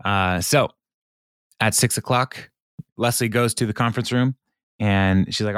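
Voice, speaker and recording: A man's voice: mid-range voice, unhurried, fairly bright tone, smooth, dry recording, studio quality. A man casually recapping a TV episode, a chatty storyteller paraphrasing what the characters say. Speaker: podcast co-host recapping an episode. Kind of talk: casual chat.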